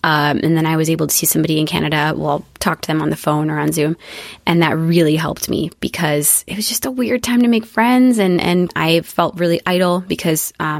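A young woman from the UK, raised in Spain and the USA, chats casually as a podcast guest. Her voice sits a little low for a woman and sounds dry and close to the mic. She talks in a lively way, full of fillers. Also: creaky, dry recording. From UK-born, raised in Spain and the USA. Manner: chatty and lively, frequent fillers. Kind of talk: casual conversational chat.

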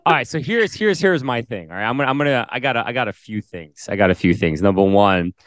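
A man's voice: medium pitch, animated, a bit bright, no room sound. A man, a pastor co-hosting a podcast, talking earnestly in casual chat with frequent restarts. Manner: earnest, halting, many restarts.

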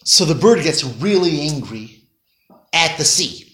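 A man teaching a Torah class to a small group, telling stories in an animated way with voiced quotes and Hebrew phrases. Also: fairly high pitch, unhurried. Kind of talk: informal class storytelling. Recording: echoey room.

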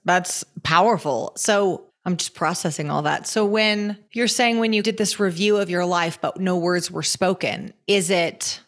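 A woman hosting an interview, reflective and gently probing in her questions. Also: fairly low pitch, a little slow, hardly any pauses. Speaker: interviewer host.

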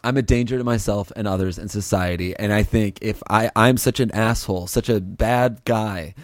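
A young man co-hosting a podcast, chatting casually and joking at his own expense with halting restarts. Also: on the low side, dry recording, clean studio sound. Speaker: podcast co-host. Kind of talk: casual comedic chat.

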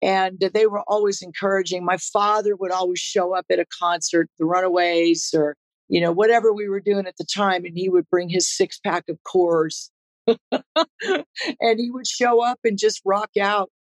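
A woman's voice: mid-range voice, fairly even intonation, normal speed, no room sound, rough recording. Laid-back woman guest, laughing easily. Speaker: guest, rock musician. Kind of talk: casual interview chat.

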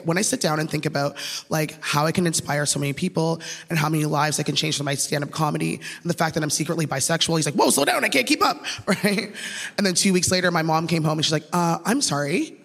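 A Canadian woman delivers a stand-up set with lively storytelling, slipping into the voices of people she quotes. Her voice carries a long reverb tail from the stage. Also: low voice. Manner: animated, acts out quoted voices, laughs through lines. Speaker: stand-up comedian. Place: comedy stage.

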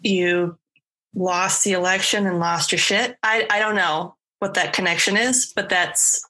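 A woman's voice: on the low side, steady tone, unhurried, pushed and bright. A woman hosting a podcast, chatting casually and upbeat with her co-host.

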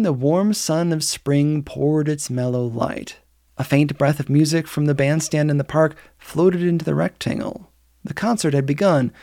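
A man reading a novel aloud in steady, measured narration, lifting his voice for the characters' lines. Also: fairly high pitch, creaky, dry recording, studio quality. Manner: steady, measured storytelling, lifting the voice for quoted speech. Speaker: audiobook reader. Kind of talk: scripted narration.

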